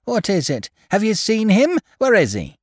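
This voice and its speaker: A man's voice: high-pitched, huge pitch swings, moderate pace, darkish tone, dry recording, clean studio sound, pitched above the performer's own voice, heavily acted. A man voicing an anxious old farm wife asking urgent questions.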